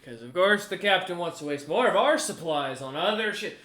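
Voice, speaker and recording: A man's voice: high-pitched, animated, a little fast, roomy sound, pitched above the performer's own voice. Man doing a foul-mouthed raging ship's cook. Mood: furious. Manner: ranting, shouting.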